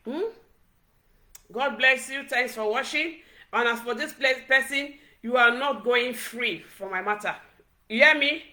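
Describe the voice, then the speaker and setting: High, bright-voiced Nigerian woman scolding. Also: a little slow. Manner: scolding, repetitive, Pidgin-laced. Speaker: vlogger. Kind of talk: direct-to-camera rant.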